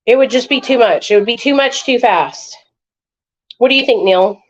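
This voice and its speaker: A woman's voice: a little high, normal speed, dull audio. Chatty woman on a phone livestream. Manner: chatty, talks straight to viewers, swears freely. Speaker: livestream host. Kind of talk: casual live chat.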